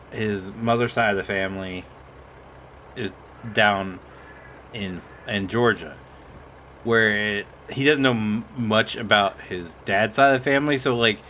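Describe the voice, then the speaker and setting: A man's voice: on the low side, sharp tone, slight background noise. A man hosting a casual gaming stream, telling a rambling story and quoting family members. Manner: rambling storyteller, quotes others. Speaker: streamer host.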